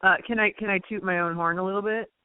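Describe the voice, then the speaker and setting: A woman co-hosting a political talk radio show, speaking in an indignant, forceful way. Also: mid-range voice, fairly even intonation, fast talker, clear, resonant tone, dry recording. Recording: dry, phone-like radio sound.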